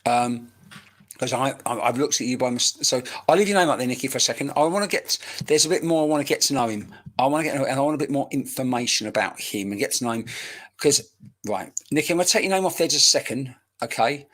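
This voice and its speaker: A man's voice: medium pitch, quick pace, a bit bright. A man, working as a medium in a live-streamed reading, talking in a chatty, rambling way with casual banter and swearing, recorded on a webcam mic.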